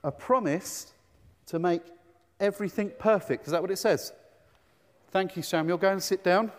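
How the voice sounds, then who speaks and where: A man with a high voice leads a children's talk in church, enthusiastic and questioning. His words ring out with a long reverb from a large hall. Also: moderate pace.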